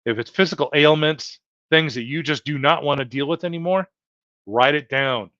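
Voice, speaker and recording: An earnest man hosts a heartfelt motivational livestream, circling back over his points and calling the audience folks. His voice sits a touch high. The sound is dull and lo-fi, with a dry, close feel. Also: moderate pace, bright, forceful tone, dry recording. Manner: earnest, repetitive, addresses viewers as folks. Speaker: livestream host.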